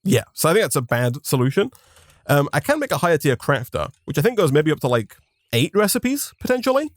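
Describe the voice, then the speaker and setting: A man's voice: on the high side, sing-song, a little fast, dry recording. A man co-hosting a gaming stream, explaining mechanics in casual chat with a dry, teasing wit. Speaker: co-host of a gaming channel.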